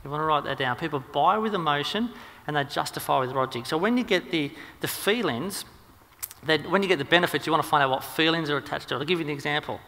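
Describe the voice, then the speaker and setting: A man giving a rapid, energetic marketing seminar talk, full of ums and restarts. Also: a little high, in a large hall. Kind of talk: seminar presentation. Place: seminar hall.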